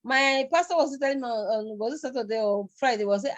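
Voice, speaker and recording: A woman's voice: on the high side, quick pace. A middle-aged woman with a Nigerian accent, giving a live online university lecture in a rambling way, repeating words and chuckling.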